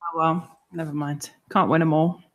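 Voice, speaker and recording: A woman's voice: low voice, flat delivery, normal speed. A woman co-hosting a casual live-stream chat, teasing her co-host and swearing casually.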